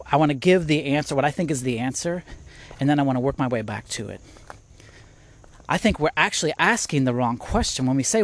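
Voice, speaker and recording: A middle-aged man hosting a podcast, giving a casual devotional talk while walking outdoors, thinking aloud with restarts. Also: mid-range voice. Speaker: podcast host.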